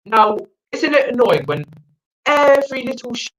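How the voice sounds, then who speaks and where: A man's voice: very high-pitched, sing-song, moderate pace, fairly bright tone, low-quality recording. A young man from South Africa doing profane, rambling stand-up from a friend's house over a video call. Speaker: stand-up comedian. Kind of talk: online open-mic stand-up.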